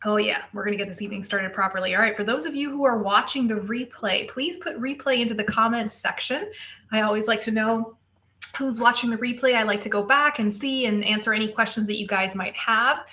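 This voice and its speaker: A woman with a slightly high, brisk, sharp voice chats casually on a live stream. She is a physical therapist broadcasting from home in Tampa and greets her viewers by name.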